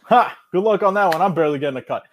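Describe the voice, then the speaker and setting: A high-pitched young man hams up an ad read on a casual podcast. He is loud and playful, joking with his co-host between the lines. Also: expressive, racing, lo-fi sound, a crowd in the background. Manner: loud, hyped, jokey. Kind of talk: casual podcast banter with ad reads.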